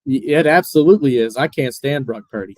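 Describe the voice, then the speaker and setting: A man's voice: mid-range voice, a little fast, dry recording, rough recording. A man on a sports podcast panel, emphatic, who often stammers at the start of a sentence. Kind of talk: casual sports chat.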